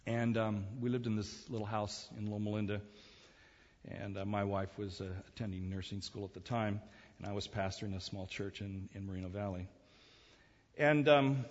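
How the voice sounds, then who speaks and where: A man preaching a sermon in a husky voice, moving between an easy storytelling tone and emphatic, repeated phrases. His voice carries a long hall echo. The recording is dull and lo-fi. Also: on the low side, brisk. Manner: conversational, repeats words when building emphasis. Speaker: pastor. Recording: echoey hall, dull lo-fi sound.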